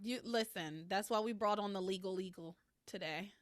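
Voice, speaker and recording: A woman hosting a podcast, recapping episodes in a casual, animated way, laughing often and swearing freely. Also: mid-range voice, normal speed, no room sound, studio quality. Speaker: podcast host recapping a soap opera. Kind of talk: casual chat.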